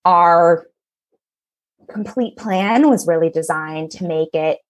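A woman who co-founded a company appears as a guest in a podcast interview, speaking earnestly. Her voice is lowish and slow, and she uses frequent fillers and restarts.

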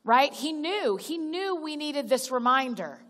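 A woman's voice: sits high, big pitch swings, unhurried, a bit bright. A woman giving a conversational sermon as a guest speaker at a church gathering. She talks directly to the crowd, calls them y'all, restarts sentences, and acts out little prayers. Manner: chatty, direct, addresses listeners as y'all. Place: church auditorium. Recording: long reverb of a large hall.

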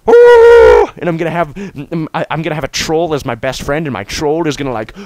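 A young man doing let's play commentary from his room, goofy and hyperactive, breaking into sudden shouts. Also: a little high, fast talker, no echo. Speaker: gamer host.

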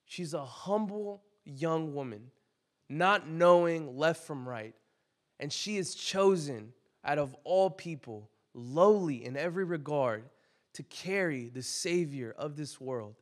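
A young man preaching a casual, conversational sermon, full of "like" fillers, that builds to loud emphatic peaks. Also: a little high, lively intonation, takes it slowly.

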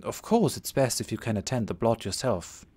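A man's voice: lowish voice, big pitch swings, moderate pace, darkish tone, slightly rough. A man voicing a young female temple priestess in a role-playing game, polite and distant.

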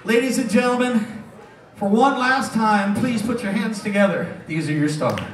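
A man's voice: sits high, normal speed, very noisy. A man working as a stage hypnotist, joking and bantering through his live comedy show in a casino showroom. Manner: brash, joking showman patter. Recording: echoey room from far off, crowd.

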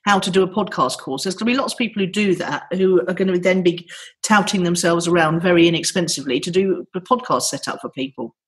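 A woman's voice: lowish voice, fast. A woman hosting a podcast, arguing her point with eager, rambling enthusiasm and frequent laughs. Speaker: podcast host. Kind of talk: casual chat.

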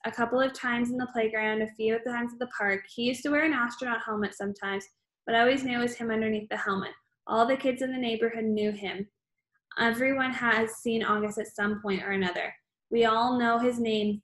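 Woman, audiobook-style reading, steady narration, fairly high pitch, roomy echo. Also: brisk. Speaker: audiobook reader. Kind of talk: reading a novel aloud.

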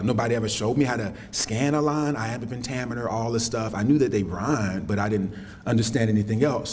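A middle-aged man from South Carolina, lecturing on campus with animated storytelling and folksy asides. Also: mid-range voice. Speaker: poet lecturing. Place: lecture hall.

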